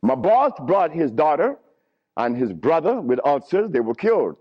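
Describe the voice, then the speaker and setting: Animated man lecturing on a lo-fi tape. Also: fairly high pitch, unhurried, breathy edge. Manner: animated storytelling with frequent chuckles. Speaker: lecturer on herbal healing. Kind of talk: lecture to a live audience. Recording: lo-fi archival lecture recording.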